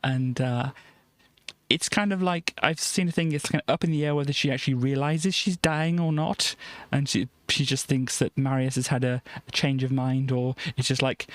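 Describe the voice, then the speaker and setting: A woman's voice: rumbling low, steady tone, normal speed, no echo. Rambling, stammering woman streamer. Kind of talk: casual live-stream chat.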